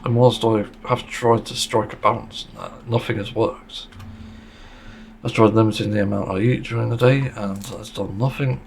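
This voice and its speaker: Gravelly low-voiced man talking bluntly. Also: steady tone, normal speed, slight background noise. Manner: blunt and sweary, with a frank complaining tone; sarcastic at times. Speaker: podcast host. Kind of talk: casual solo podcast monologue.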